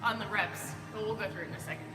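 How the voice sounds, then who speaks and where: A woman's voice: mid-range voice, steady tone, very fast. A young woman chatting upbeat with viewers by name while coaching a live workout. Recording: roomy hall reverb. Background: faint background music.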